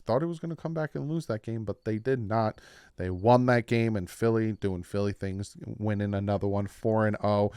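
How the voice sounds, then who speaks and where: A man giving his weekly football picks in a casual, animated talk, jumping up in pitch and volume when something surprises him. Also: normal speed, smooth, no room sound, clean studio sound. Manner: animated, with sudden jumps in pitch and loudness. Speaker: sports picks YouTuber. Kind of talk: casual sports prediction talk.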